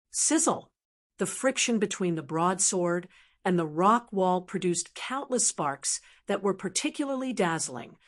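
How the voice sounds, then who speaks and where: A woman's synthetic voice reading an audiobook in even, steady scripted narration. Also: medium pitch.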